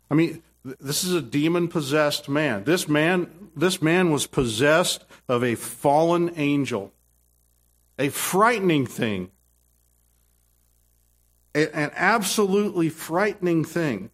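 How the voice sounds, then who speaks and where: Brief: middle-aged male pastor, sermon delivery, slow, emphatic, fairly high voice. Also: lively intonation. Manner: emphatic, repetitive, with many restarts.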